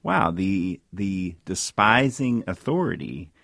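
A man co-hosting a faith-based recovery talk show, telling stories in an earnest, animated way. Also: low-pitched, takes it slowly, gravelly, no echo, studio quality. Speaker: co-host, recovery ministry leader.

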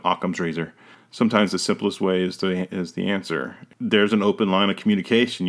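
A man hosting a podcast in casual chat, rambling and often correcting himself mid-sentence. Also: on the low side. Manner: rambling, self-correcting, trails off. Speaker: podcast host.

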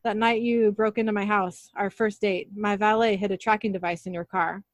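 A woman's voice: medium pitch, fairly even intonation, moderate pace, no room sound. A woman casually retelling a TV episode, reading each character's lines in her own voice and laughing at her own slips.

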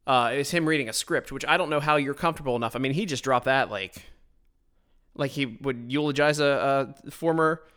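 A man's voice: a little high, bright, forceful tone. Blunt, sarcastic man ranting into a podcast mic. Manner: blunt, sarcastic, frequent restarts. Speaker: podcast host. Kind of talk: political commentary monologue. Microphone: his own podcast microphone.

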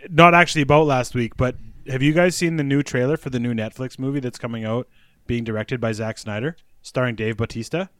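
A young man hosts a casual podcast, talking in an upbeat, chatty way. His voice sits at an ordinary middle pitch and the recording is close and dry. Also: fairly even intonation, fairly quick, fairly bright tone, no echo. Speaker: podcast host.

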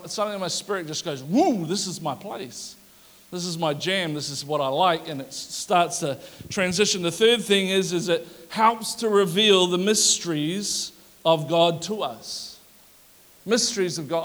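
Male pastor, sermon delivery, casual and humorous, higher-pitched, big church reverb. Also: a bit bright. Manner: conversational, joking, asks the audience questions.

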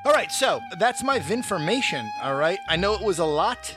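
A man co-hosting a casual movie podcast, animated and quick to laugh as he lists films. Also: high-pitched, over music. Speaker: podcast co-host.

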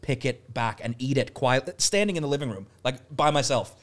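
A man's voice: medium pitch, animated, brisk. A man from Canada, a comedian guest on a podcast, telling stories in casual chat, swearing freely and laughing through them.

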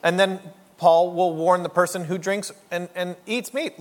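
Joking pastor in echoey hall. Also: male voice, sits high, steady tone, unhurried, hardly any pauses. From Canada. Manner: joking, conversational, rhetorical asides. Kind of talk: sermon.

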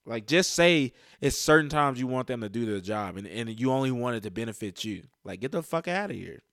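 A man's voice: mid-range voice, lively intonation, a little fast, fairly bright tone, no echo. Man ranting as a sports fan, exasperated and profane, dry sound. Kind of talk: heated casual rant.

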